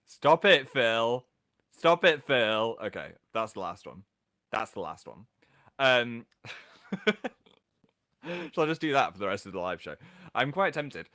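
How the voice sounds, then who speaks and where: A man's voice: fairly low pitch, very animated, a little slow, pauses often, pushed and bright. A man hosting a casual livestream, chatting playfully and reading out viewers' comments with a jokey, self-mocking manner. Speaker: livestream host.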